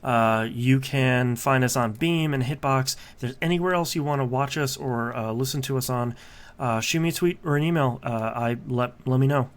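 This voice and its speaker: A man hosting a video game podcast in casual chat, relaxed and chatty, with lots of "uh" fillers as he talks. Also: mid-range voice, normal speed. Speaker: podcast host.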